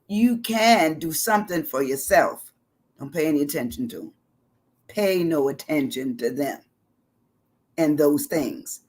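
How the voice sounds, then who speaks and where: A middle-aged woman hosting a motivational live-stream talk, chatty, laughing easily and repeating phrases for emphasis. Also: sits low. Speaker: host.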